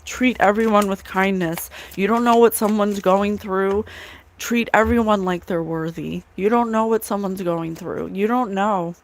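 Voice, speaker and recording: A woman with a medium-pitched voice hosts a psychic spiritual livestream, speaking a little slowly and earnestly to her chat, repeating key phrases for emphasis. She is tearful at times, and there's a little hiss or hum in the audio.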